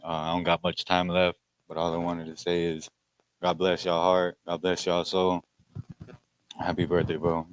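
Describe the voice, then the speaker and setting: A man speaking loudly and casually at a memorial, laughing between lines. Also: low voice, monotone, normal speed, dry recording. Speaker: friend giving a memorial tribute. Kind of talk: memorial speech.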